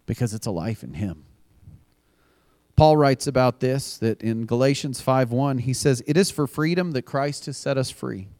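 A man's voice: mid-range voice, a little mellow, no echo. Earnest male pastor preaching. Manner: earnest, rising to emphatic repeated refrains. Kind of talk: sermon. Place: church.

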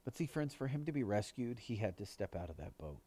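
Very animated and brisk, a male pastor with a dark tone preaches earnestly, raising his voice to stress points and lowering it for quotations.

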